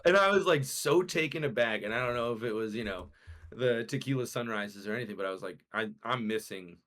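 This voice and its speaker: A young man co-hosting a casual podcast, telling a story in an animated way and acting out the quotes with swearing. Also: medium pitch, a little fast. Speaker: podcast co-host.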